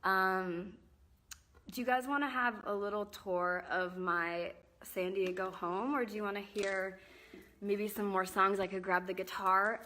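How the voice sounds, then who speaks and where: Bright-voiced young woman chatting on a livestream. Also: medium pitch. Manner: rambling, apologetic, full of fillers and restarts. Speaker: singer-songwriter hosting a live stream. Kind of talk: casual live-stream chat. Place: indoors and outdoors at a home. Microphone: phone held in hand.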